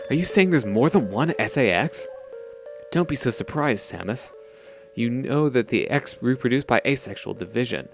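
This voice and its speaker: Male reader voicing a stern computer, flat, measured delivery, lowish voice. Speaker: reading game dialogue aloud.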